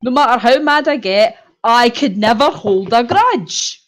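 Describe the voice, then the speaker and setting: A woman voicing a flustered, earnest male detective who protests loudly while reading game dialogue. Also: on the high side, expressive, unhurried. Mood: protesting.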